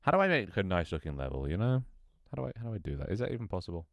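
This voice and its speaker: A man with a very deep, low voice mutters and thinks aloud while he builds a game level on stream. He swears freely, banters with his chat, and his voice sometimes cracks. The sound is dry and close, with no room echo. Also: sing-song, very fast, gravelly. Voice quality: voice cracks at times. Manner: mutters to himself, swears often, jokes with chat.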